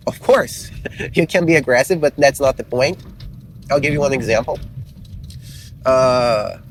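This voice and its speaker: A man's voice: medium pitch, slight background noise, low-quality recording. A man, an English teacher giving a frank, casual motivational talk in English to learners, swearing freely. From Brazil. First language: Portuguese. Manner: frank and blunt, swears casually, many fillers.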